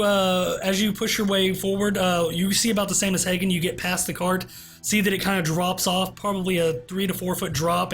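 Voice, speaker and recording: High-voiced man running a tabletop game. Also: a bit bright. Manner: halting narration full of uh fillers. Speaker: game master.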